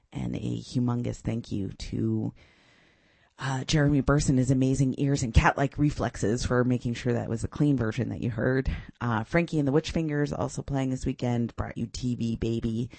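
A woman DJ talks casually between records, bubbling with enthusiasm and breaking into giggles. Her voice carries a gravelly edge of fry. The studio sound is close and dry. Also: very deep voice, steady tone, moderate pace, a little mellow, no echo. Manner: enthusiastic, giggly, with many "uh" fillers. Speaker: radio DJ. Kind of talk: casual radio back-announcing.

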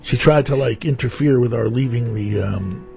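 Gravelly-voiced man rambling on air. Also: mid-range voice, moderate pace, darkish tone, soft background music. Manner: rambling, wry storyteller. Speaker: radio host. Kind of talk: casual chat. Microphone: studio microphone.

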